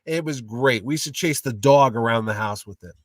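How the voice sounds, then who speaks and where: A man telling funny stories in a casual interview, an animated, jokey storyteller. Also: medium pitch, brisk, no room sound, distant mic. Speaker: guest, comic con owner.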